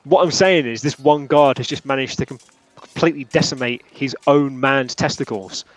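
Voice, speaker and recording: A man narrating as game master, halting and rambling with many restarts. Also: medium pitch.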